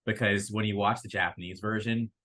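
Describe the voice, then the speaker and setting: A man co-hosting a casual pop-culture podcast, rambling excitedly and swearing freely. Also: lowish voice, fairly quick, low-quality recording. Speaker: podcast co-host.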